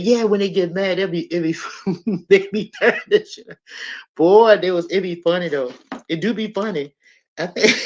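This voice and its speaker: Chatty laughing woman in her sixties. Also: fairly low pitch. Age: 60s. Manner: animated, laughing, chatty, talks straight to viewers. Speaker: live-stream host. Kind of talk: casual live-stream chat.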